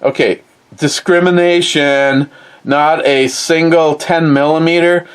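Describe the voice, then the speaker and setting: A man's voice: fairly high pitch, fairly even intonation, slow pace, smooth, rough recording. A man, hosting a livestream in casual chat and reading out viewer comments in a rambling, blunt way with free swearing. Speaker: livestream host.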